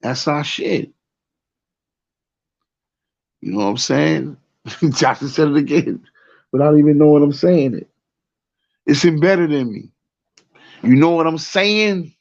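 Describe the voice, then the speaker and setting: A man's voice: fairly high pitch, a little slow, gravelly, long pauses, a little mellow, highs cut off. A man with a New York accent telling a rambling story in casual talk, often repeating "you know what I'm saying.". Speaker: show host.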